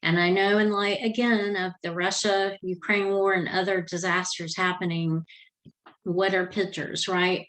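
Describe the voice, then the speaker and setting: A woman's voice: lowish voice, rough recording. Earnest older woman telling a story. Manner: chatty and earnest, with small restarts. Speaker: Christian vlogger. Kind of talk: casual personal storytelling.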